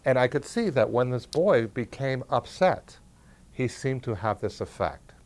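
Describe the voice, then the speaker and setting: A man's voice: mid-range voice, expressive, measured pace, a little mellow. Man telling a research story. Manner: conversational, acts out quoted dialogue. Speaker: parapsychology researcher. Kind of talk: storytelling talk.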